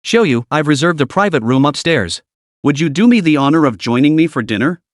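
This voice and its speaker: A man's voice: fairly high pitch, expressive, fairly quick, dry recording, studio quality, lightly acted. A man voicing a pompous, hot-tempered middle-aged businessman in a story recap. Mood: blustering. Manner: blustering and indignant.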